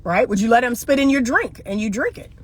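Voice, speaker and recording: A woman's voice: fairly high pitch, lively intonation, brisk, breathy edge. Blunt, lecturing middle-aged woman. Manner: blunt, emphatic, lecturing, with repeated rhetorical questions. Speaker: relationship coach. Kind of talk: opinionated monologue to camera.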